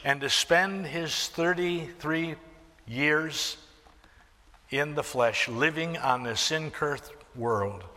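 A man preaching a sermon, swinging from hushed near-whispers to loud emphatic declarations and quoting scripture. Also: fairly high pitch, slow, in a large hall. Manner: restarts and fillers, quoting scripture.

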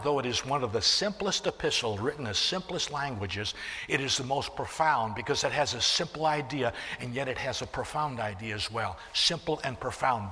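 A man preaching a sermon, swinging from hushed near-whispers to loud emphatic declarations and quoting scripture. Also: mid-range voice, big-room sound. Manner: restarts and fillers, quoting scripture.

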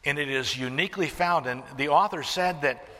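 Male preacher, sermon, bright forceful voice, fairly high, hushed then booming, long hall reverb. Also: normal speed. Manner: swings from hushed near-whispers to loud emphatic declarations; restarts and fillers, quoting scripture.

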